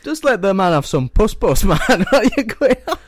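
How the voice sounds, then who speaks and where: A man's voice: high-pitched, sing-song, normal speed, a little hiss or hum. A young man co-hosting a podcast, laughing often, incredulous and swearing in casual banter. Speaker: podcast co-host.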